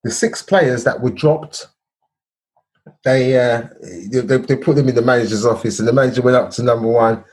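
A man's voice: medium pitch, steady tone, moderate pace, darkish tone. A man, co-hosting a casual podcast and telling a football story, checking in with "yeah?" and "bro". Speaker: podcast co-host. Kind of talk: casual chat.

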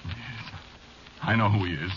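A man's voice: lowish voice, unhurried, lightly acted. An actor playing a frightened man who is being hunted, pleading and panicky, in old-time radio drama style. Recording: dull, hissy old radio recording.

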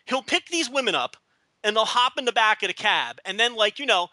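A man's voice: high voice, expressive, brisk, bright, forceful tone, no echo. A man co-hosting a podcast, chatting casually and rambling, with lots of stammered restarts and mocking asides. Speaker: podcast co-host.

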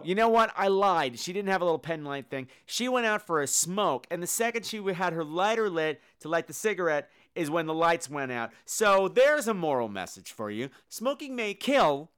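Man, movie review host, high-pitched, smooth clear voice, flamboyant, sarcastic. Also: lively intonation, moderate pace, fairly bright tone. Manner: campy, flamboyant, sarcastic asides; breaks into sung and squealed impressions. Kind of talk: casual comedic movie review.

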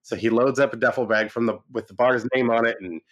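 A man casually reviewing a movie, retelling the plot with lively acted-out quotes and frequent restarts. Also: mid-range voice, fast talker, muffled recording. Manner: animated retelling, acts out quoted lines. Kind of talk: casual film review chat.

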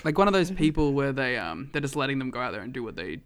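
A man's voice: medium pitch, big pitch swings, fast. A man co-hosting a casual wrestling podcast, rambling with lots of fillers and frequent laughs. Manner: rambling, says "like" a lot, laughs often. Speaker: podcast co-host.

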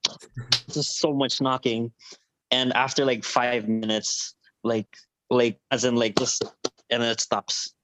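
A young man telling a story in a casual chat with friends, animated and swearing, acting out what people said. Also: medium pitch, slow pace, background noise. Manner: animated, swearing, acts out quotes. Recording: dull, dry lo-fi sound.

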